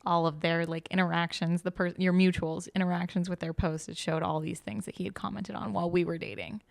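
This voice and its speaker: A woman's voice: fairly low pitch, little pitch movement, brisk, gravelly, no echo. A young woman chatting on a podcast, telling a story with animation and acting out the quotes. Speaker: guest host. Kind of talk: casual podcast chat.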